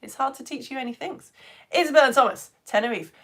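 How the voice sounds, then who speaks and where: A woman science teacher on a live stream, chatting warmly and laughing as she greets viewers by name and reads their comments. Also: high voice, fast. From United Kingdom. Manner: bubbly, chatty, laughs often, rambling. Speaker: online science teacher for home educators.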